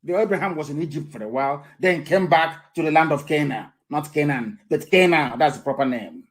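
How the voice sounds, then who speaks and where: A man with a Nigerian accent giving a live political broadcast, lecturing from the Bible with scorn and sudden swings between loud and soft. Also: on the high side. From eastern Nigeria. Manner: reads Bible verses aloud slowly, pausing and restarting. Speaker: activist broadcaster.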